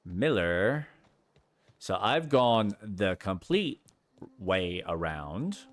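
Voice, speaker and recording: Here a male streamer offers loose, wandering commentary over his gameplay, his voice on the low side with a sing-song lilt and drawn-out words. Chatty throughout, he responds aloud to the action on screen.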